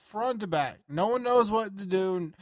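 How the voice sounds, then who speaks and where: A man co-hosting a podcast, talking in a rambling, profane and animated way. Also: high voice, a little slow, no room sound, studio quality. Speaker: podcast co-host. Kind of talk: casual chat.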